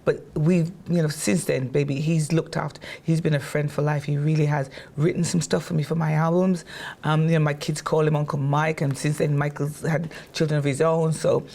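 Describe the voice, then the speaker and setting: Animated chatty woman storyteller. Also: low voice, a little fast, gravelly. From England. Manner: animated, acts out quotes in a raised voice; chatty, many fillers and restarts. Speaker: guest singer. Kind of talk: casual storytelling interview.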